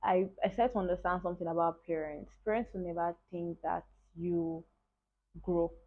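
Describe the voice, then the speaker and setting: A Nigerian woman in her twenties with a Nigerian accent telling a personal story in a casual, animated way, often checking in with the viewer. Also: lowish voice, moderate pace. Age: 20s. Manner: animated, talks straight to the viewer with repeated asides. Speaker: vlogger. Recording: tinny lo-fi phone-like audio.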